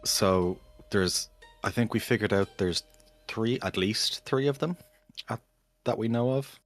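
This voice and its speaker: Male player, low voice, halting and unsure, faint music behind. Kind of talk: casual tabletop play.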